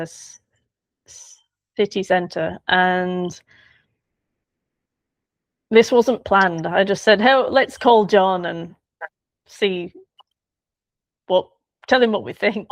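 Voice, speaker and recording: A woman author recalling a friend in a relaxed interview, chatty and quick to laugh. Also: mid-range voice, dry recording. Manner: chatty, laughs often, trails off and restarts. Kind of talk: conversational interview.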